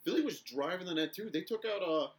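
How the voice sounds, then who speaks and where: A young man co-hosting a casual podcast chat, telling stories in an animated way and acting out the shouting. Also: high-pitched, fast talker. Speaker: podcast co-host.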